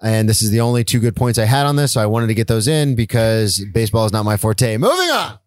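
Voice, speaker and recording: A man's voice: lowish voice, steady tone, fast talker, a little mellow, clear, resonant tone, dry recording, studio quality. A man co-hosting a podcast, giving blunt opinions in casual sports chat, swearing and repeating himself. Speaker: podcast co-host.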